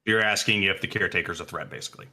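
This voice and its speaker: A man narrating as game master of a tabletop game, halting and full of fillers. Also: low-pitched, pushed and bright.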